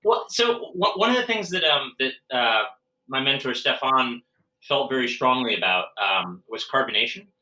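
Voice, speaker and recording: A man's voice: medium pitch, lively intonation, moderate pace, bright, forceful tone. A man who works as a brewer, chatting casually and at length, rambling with fillers and restarts. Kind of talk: casual podcast chat. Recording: roomy, distant from the mic.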